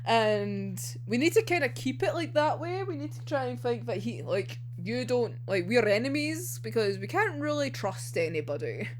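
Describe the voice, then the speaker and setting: A young woman excitedly recapping an anime episode, swearing and laughing often as she talks. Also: fairly high pitch, moderate pace, few pauses, slight background noise. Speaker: anime reviewer.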